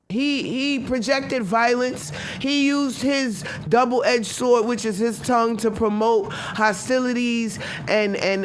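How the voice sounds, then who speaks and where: A woman's voice: fairly high pitch, slight background noise. Brief: woman podcast host, casual, blunt, ranting, talks back to her chat. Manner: animated, talks back to chat, many restarts. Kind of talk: casual live-stream commentary.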